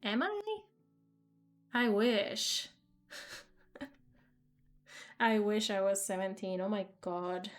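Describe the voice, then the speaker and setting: A woman's voice: mid-range voice, very slow, long pauses, soft background music. Chatty young woman streamer. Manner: chatty, trailing fillers and laughs. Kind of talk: casual let's-play commentary.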